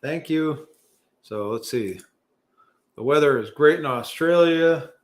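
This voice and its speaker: This livestream host, a middle-aged Californian, speaks slowly in a slightly high voice. He chats casually through viewer comments, rambling, restarting, using lots of fillers and making fun of himself.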